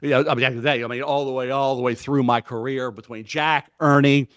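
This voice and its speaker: An older man with a Baltimore accent, a guest talking in a rambling, rapid-fire way on a radio show. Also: medium pitch, fairly even intonation, clear, resonant tone. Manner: rapid, rambling, name-dropping. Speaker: guest, draft analyst. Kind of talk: casual radio interview chat.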